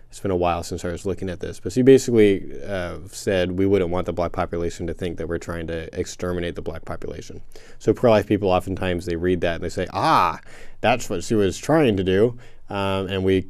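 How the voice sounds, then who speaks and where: A man with a deep, dark voice talks through a question in casual commentary. He hedges carefully, stopping often with fillers and self-corrections. The sound is close and dry. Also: dry recording. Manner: hesitant, many fillers and restarts, careful hedging. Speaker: commentator answering a listener question.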